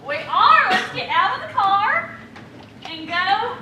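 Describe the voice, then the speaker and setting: A woman playing a loud, crude hillbilly wife who swears in brash country talk, in an improv comedy scene on a theater stage. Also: extremely high pitch, very animated, slow, dull audio, heavily acted. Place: theater stage with live audience. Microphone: stage mic from a distance. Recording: very echoey stage from far off with audience noise.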